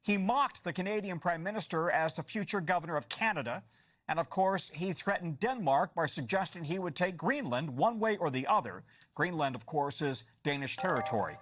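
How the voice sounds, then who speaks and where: A man anchoring a news broadcast, reading in a crisp, measured way before handing to a reporter. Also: fairly high pitch, expressive, fairly bright tone.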